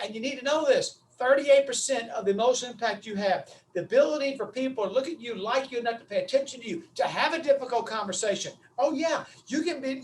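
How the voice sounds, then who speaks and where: A middle-aged man with a Southern US accent giving a folksy, animated webinar lecture, calling his audience his friends. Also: extremely high pitch, distant mic, a little hiss or hum, poor audio. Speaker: webinar speaker on vocal delivery.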